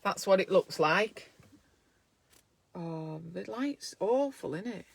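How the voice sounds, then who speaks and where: A woman's voice: medium pitch, animated, takes it slowly, creaky, slightly rough, no room sound. A woman who is a midwife, talking casually to camera in a self-care vlog, chatty and encouraging as she thinks aloud from a small room at home.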